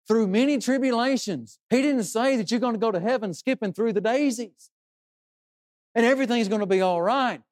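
A man's voice: very high voice, fairly quick, darkish tone. A man preaching a sermon in an earnest way, asking rhetorical questions and dropping his voice for emphasis.

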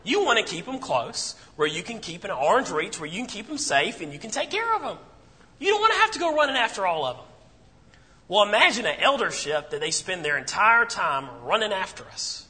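A man's voice: high voice, very animated, normal speed, bright, forceful tone. A man preaching a sermon to a congregation in a conversational way, asking rhetorical questions and repeating phrases for emphasis. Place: church assembly room. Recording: long church-hall reverb.

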